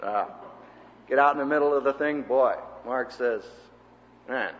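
A man teaching a seminary class in a sermon-style lecture, an animated storyteller who acts out the people he quotes. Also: mid-range voice, unhurried, in a large hall, muffled recording.

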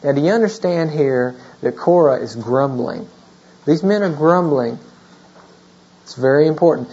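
A man's voice: a little high, expressive, measured pace, warm tone, lo-fi sound. A man in his thirties preaching a sermon as a pastor, in a conversational style full of "you know?" asides.

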